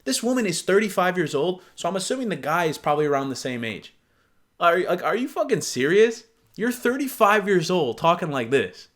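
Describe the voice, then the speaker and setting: Young dude doing reaction commentary, kinda high voice, lots of swearing and laughing, can't believe what he's reading. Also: very animated, fairly quick, a bit bright. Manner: incredulous, profane, laughs often. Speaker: video host reacting to online posts.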